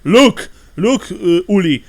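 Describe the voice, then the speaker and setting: A man voicing a loud, hostile, distrustful male innkeeper who shouts accusations. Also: sits high, lively intonation, slow pace, voice pushed up. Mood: shouting.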